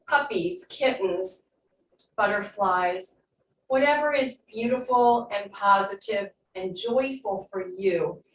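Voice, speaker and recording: Slow-spoken woman leading a fitness class. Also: mid-range voice, recorded from a distance. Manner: calm guiding cues, then slow soothing breath work. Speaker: fitness instructor. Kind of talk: live online fitness class instruction. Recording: echoey room, voice from off-mic, faint hum.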